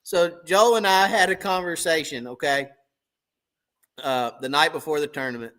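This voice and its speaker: A man's voice: fairly high pitch, steady tone, moderate pace, a bit bright. A man who hosts a fishing channel, telling a story on a live stream and acting out both sides of a conversation. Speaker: tournament crappie angler and channel host.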